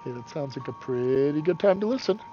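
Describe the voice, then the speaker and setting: Guy streaming his own game, kinda higher voice, muffled lo-fi audio, faint music under it. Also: expressive. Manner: casual, reads character lines in quickly dropped voices. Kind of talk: live-stream playthrough reading dialogue aloud. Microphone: desk microphone.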